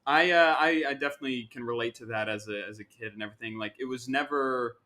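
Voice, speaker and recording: A man's voice: mid-range voice, fast talker, pushed and bright. Male podcast host, mid-range voice, eager and encouraging interviewer. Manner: enthusiastic, encouraging, asks rambling questions.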